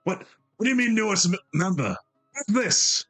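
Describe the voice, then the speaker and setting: A man voicing a short, stout, furious dwarf head chef who shouts explosively. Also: high-pitched, very animated, slow, faint music behind, voice pushed up, exaggerated voice. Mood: outraged.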